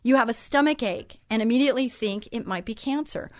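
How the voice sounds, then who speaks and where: A woman's voice: fairly high pitch, a little fast, hardly any pauses, a little mellow, no room sound. A woman hosting a Christian talk show, talking in a chatty, encouraging way and drifting into personal stories. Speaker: host.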